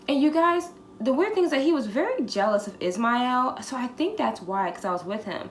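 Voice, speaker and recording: A woman's voice: high voice, a little fast. Profane storytelling woman in her twenties. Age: 20s. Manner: candid, profane, animated retelling with acted-out quotes. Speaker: vlogger. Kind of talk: storytime vlog. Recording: echoey room, faint background hiss.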